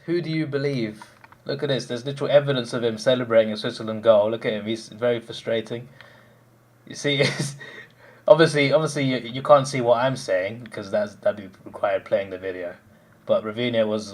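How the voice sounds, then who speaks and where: A young man hosting a live stream, telling stories in animated casual chat with restarts and bursts of laughter. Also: mid-range voice. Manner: animated storytelling, mimicking others, frequent laughs and restarts.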